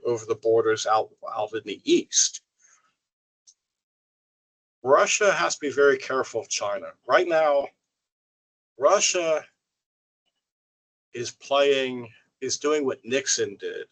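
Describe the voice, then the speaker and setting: A man's voice: medium pitch, a bit bright, rough recording. Older man lecturing in a chatty way. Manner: chatty, tells jokes, restarts often. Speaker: guest lecturer.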